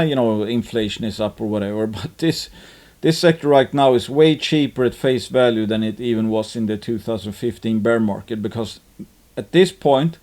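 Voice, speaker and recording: With a lowish, darkish voice, a man hosting an investing channel gives casual commentary on stocks. His talk rambles, stuffed with fillers and false starts.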